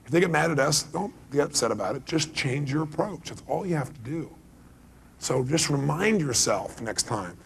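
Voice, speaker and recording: A man giving a motivational seminar talk, animated, acting out quoted dialogue and asking the audience questions. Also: fairly high pitch, moderate pace, gravelly, a little hiss or hum. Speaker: motivational speaker.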